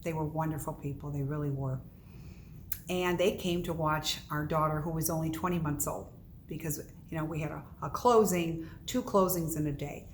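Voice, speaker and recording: A woman's voice: low voice, fairly even intonation, normal speed, slight background noise. A middle-aged woman, a psychic medium, talking casually to the camera in an earnest storytelling manner, asking questions and answering them herself.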